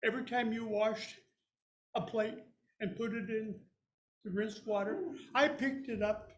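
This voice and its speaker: A man in his seventies telling a childhood story live to an audience, animated and folksy. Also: high voice, unhurried, slight background noise. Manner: animated, folksy, plays many voices. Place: storytelling event hall. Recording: echoey room.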